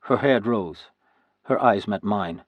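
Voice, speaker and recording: A man narrating historical fiction in the first person, in a steady, even storytelling manner. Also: fairly low pitch, slow pace, no echo, highs cut off. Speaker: audiobook narrator.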